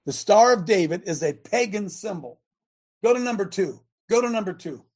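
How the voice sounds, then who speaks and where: A man's voice: sits high, animated, a little mellow, slightly rough. A man hosting a religious broadcast, preaching and reading scripture aloud, emphatic and full of repeated rhetorical questions, often stopping to restart or make asides. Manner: halting, with frequent restarts and asides.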